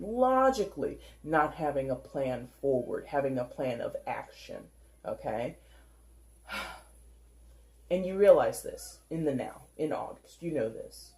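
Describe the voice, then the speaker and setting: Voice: mid-range voice, a little mellow. A tarot reader giving a casual, rambling card reading, talking in a chatty way with lots of 'like'. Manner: chatty, rambling, heavy use of filler 'like'.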